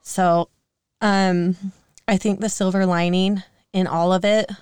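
A woman's voice: medium pitch, flat delivery, a little mellow, smooth, no echo, clean studio sound. Earnest, emotional woman in her thirties. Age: 30s. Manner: emotional, earnest, quick to laugh. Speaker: podcast co-host. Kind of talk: candid personal storytelling.

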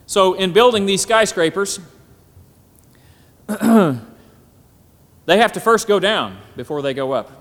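A man preaching a sermon at a symposium, often pausing on "Amen" and building to emphatic, climbing phrases. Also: sits high, fairly bright tone. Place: hall at a symposium. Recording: echoey hall.

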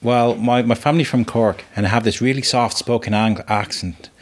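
A man's voice: medium pitch, moderate pace. A man with a Dublin Irish accent hosting a casual podcast interview, enthusiastic and repeating himself. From Dublin, Ireland. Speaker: podcast host.

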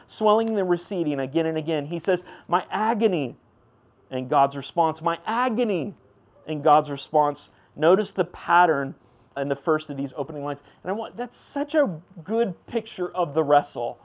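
A man preaching a sermon in a conversational way, with fillers and asides to the congregation, swinging between loud emphatic bursts and low hushed passages.

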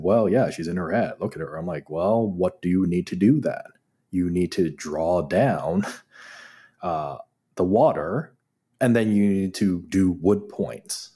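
Deep-voiced man telling animated clinic stories. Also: breathy edge. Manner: animated, acts out quoted dialogue. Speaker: acupuncturist guest. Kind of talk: casual storytelling conversation.

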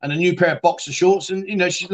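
A man's voice: sits high, fairly even intonation, quick pace. A man hosting a casual livestream, chatting, teasing viewers and laughing as he reads comments. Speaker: livestream host. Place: bar city in Thailand.

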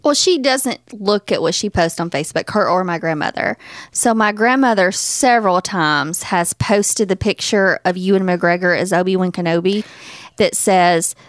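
A woman from Tennessee co-hosting a podcast, telling family stories in animated casual chat. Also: fairly low pitch, moderate pace, no room sound, clean studio sound. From Tennessee, USA. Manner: animated storyteller who acts out family quotes. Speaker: podcast co-host.

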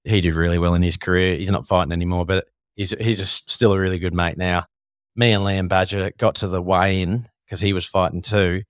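Man, Australian accent, podcast guest, storytelling, low voice, dry sound. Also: fairly quick, smooth, dry recording. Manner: animated storyteller with fillers like "sort of" and "like". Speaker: guest, former Thai boxer. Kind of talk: casual storytelling.

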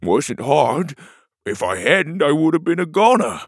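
A man voicing an earnest, loyal young boy in a storybook reading, speaking a little higher than his own voice. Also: sing-song, measured pace, breathy edge, no echo, studio quality, exaggerated voice. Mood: relieved.

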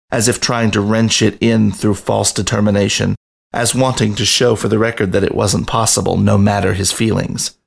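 A man reads a story aloud for his podcast in a steady, even voice. His register sits low, with a gravelly fry running through it. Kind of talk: reading fiction aloud.

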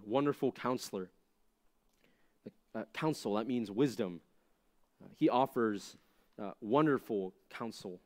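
A youth pastor, a young adult man, delivers a conversational sermon to junior high students, animated and packed with rhetorical questions.

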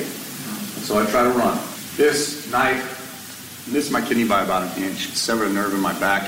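Firefighter guy telling his story on stage, gets worked up and loud, far off mic in an echoey hall. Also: fairly low pitch, normal speed, noisy background. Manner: animated, rising to near-shouting when exasperated. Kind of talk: storytelling talk to an audience.

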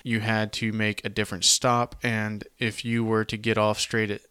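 A man's voice: on the low side, little pitch movement, moderate pace, pushed and bright, smooth, no room sound, studio quality. A man with a Southern US accent, hosting a history podcast and explaining events in a conversational way with asides. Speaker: podcast host. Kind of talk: casual history podcast narration.

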